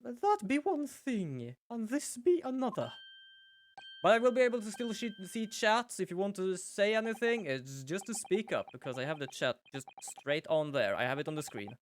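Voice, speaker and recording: A man's voice: high voice, brisk, hardly any pauses, a little hiss or hum. Chatty young man streaming a game. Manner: chatty, rambling, self-deprecating. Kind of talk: casual gameplay commentary.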